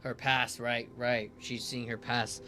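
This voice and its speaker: A man's voice: mid-range voice, little pitch movement, bright, forceful tone, a little hiss or hum. A young man giving casual, rambling commentary as he reacts to a story game, often hedging with filler phrases. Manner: rambling, hedging with "kinda like", quick to laugh. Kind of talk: casual let's-play commentary.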